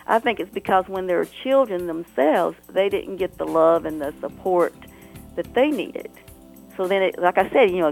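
A woman's voice: mid-range voice, vocal fry, low-quality recording. A woman author talking earnestly and emotionally as a guest on a radio interview, rambling at times.

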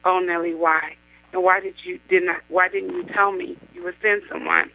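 A woman voicing an indignant adult woman who scolds her friend, reading aloud, her voice jumping high when she yells. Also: fairly even intonation, moderate pace, creaky, dry recording. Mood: disbelieving. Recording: dull lo-fi radio sound.

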